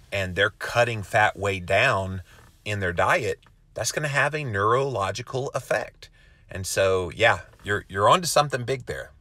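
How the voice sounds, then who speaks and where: Folksy Southern American man, bright voice. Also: lowish voice, dry recording. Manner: earnest, folksy, hums filler syllables while reading. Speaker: host reading viewer comments. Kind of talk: casual live-stream chat.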